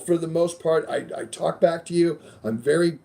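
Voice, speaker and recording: A man's voice: a little high, normal speed, gravelly, warm tone. A middle-aged man hosting a casual podcast, rambling loosely through sponsor reads with plenty of swearing. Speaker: show host.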